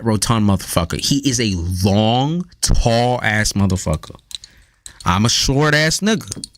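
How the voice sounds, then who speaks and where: A man hosting a live stream, chatting casually with viewers in a loose, profane, animated storytelling manner. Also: lowish voice. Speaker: live stream tarot reader.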